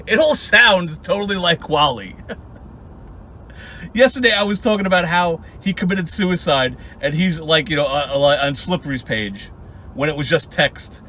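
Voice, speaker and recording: A man's voice: on the high side, pushed and bright. A man hosting a casual commentary vlog, mocking someone with frequent laughs and silly impressions. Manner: mocking, laughs often, mimics others in goofy voices. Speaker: YouTube commentary host.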